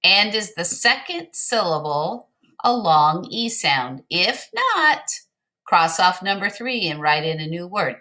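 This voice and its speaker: A woman teacher leads young pupils through a recorded word game, speaking slowly and patiently. Her voice is bright and clear and sits a little low in pitch. Every instruction is spelled out step by step. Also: very animated.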